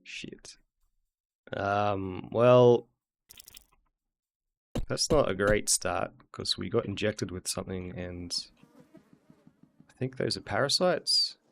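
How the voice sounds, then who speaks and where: An Australian man talks through a game stream in an easy, muttering way, thinking aloud as he plays. His voice sits low and carries a rough, gravelly fry. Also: takes it slowly, pauses often, a bit bright, a little hiss or hum. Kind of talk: casual gameplay commentary.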